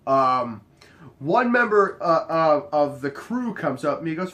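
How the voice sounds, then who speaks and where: A young man casually telling a bartending story, acting out each exchange with sudden jumps up in his voice. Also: a little slow. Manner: animated, acts out the dialogue, jumps high in pitch when quoting others.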